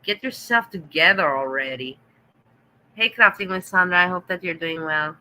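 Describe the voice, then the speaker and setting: A middle-aged woman with a German accent talks on a casual livestream, answering her chat directly. Her voice is bright and forward, and her manner is sarcastic and teasing, with blunt jabs at the viewers she addresses. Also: lowish voice, normal speed, rough recording. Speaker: livestream host reading chat.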